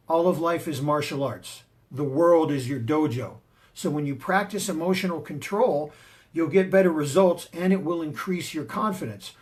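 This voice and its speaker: A man giving a motivational talk on confidence, emphatic and punchy, telling personal stories to drive his points home. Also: a little high. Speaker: motivational speaker and martial arts teacher.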